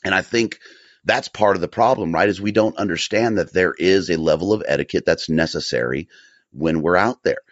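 A man with a fairly low voice tells a story casually, swearing and repeating words as he goes. The sound is dry and dull, with a lo-fi edge. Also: fairly quick, dry recording. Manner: profane, animated, repeats himself. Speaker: podcast guest. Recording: dull lo-fi audio.

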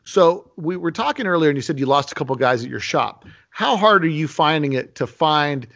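A man's voice: on the high side, brisk, creaky. Chatty man with muffled sound. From Las Vegas. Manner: animated storyteller, many restarts. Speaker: host. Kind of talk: casual podcast conversation. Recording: lo-fi muffled audio.

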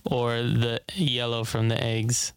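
A man in casual chat, calmly recounting a shared memory in a matter-of-fact way. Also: medium pitch, takes it slowly, smooth, no echo. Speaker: brother, guest.

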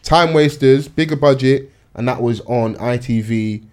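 A young man with a London accent speaks in a mid-pitched voice. He co-hosts a casual podcast and talks a lot, both playfully and at length. He explains his points in easy, conversational chat. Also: a little slow, darkish tone, clean tone. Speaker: podcast co-host.

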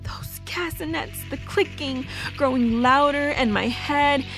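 A woman narrating a first-person horror audio drama, telling it breathlessly with halting restarts. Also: high voice, a bit bright, soft background music. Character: young woman recalling a family horror.

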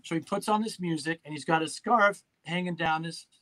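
Middle-aged guy, pretty high voice, lively storyteller acting out the quotes. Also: a little fast. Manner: animated storyteller who acts out quotes. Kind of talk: casual chat.

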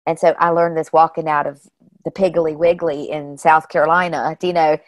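A woman guest telling personal stories in a casual, animated way, often saying "you know" and "like". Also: sits low, normal speed, no room sound. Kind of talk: casual storytelling.

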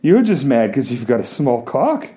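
A man voicing his brash, pushy girlfriend, loud and crude, with lots of swearing. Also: rumbling low, sing-song, normal speed. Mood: mocking. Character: brash bossy young woman, crude and loud.

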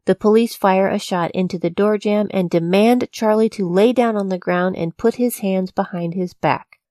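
A woman narrating a true-crime story from a script, in a measured, even storytelling delivery. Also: mid-range voice, no echo, clean studio sound. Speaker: podcast narrator.

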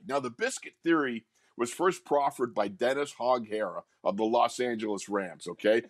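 An older man co-hosting sports radio, spinning a long anecdote with bursts of laughter and an animated, storytelling delivery. His voice is mid-pitched and captured dry and close on a studio mic. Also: normal speed, no echo. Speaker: radio co-host, former player.

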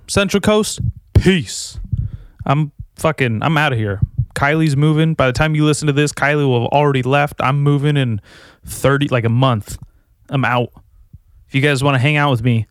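A man's voice: mid-range voice, no room sound, studio quality. Rambling, foul-mouthed young podcast host man. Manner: rambling, profane, self-mocking. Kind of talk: casual solo podcast chat. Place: bedroom at home. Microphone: new desktop recorder.

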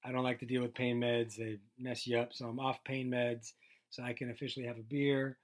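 A man's voice: mid-range voice, flat delivery, fairly quick. A man co-hosting a casual podcast from a closet at home, telling stories in a rambling, joking way. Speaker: podcast co-host. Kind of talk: casual chat.

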